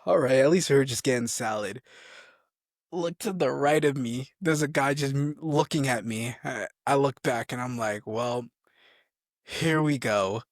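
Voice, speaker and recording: A young adult man, a soldier, telling stories in a casual, animated way, laughing often and acting out what people said. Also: mid-range voice, normal speed, no room sound, studio quality. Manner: animated, laughing, acts out quotes. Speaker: army soldier, podcast guest. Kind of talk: casual storytelling chat.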